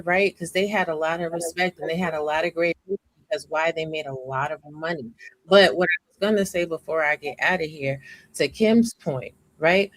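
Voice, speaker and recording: A woman's voice: on the low side, no echo, poor audio. Woman lecturing in a heated stream debate. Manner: talks over others, lecturing. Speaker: panelist.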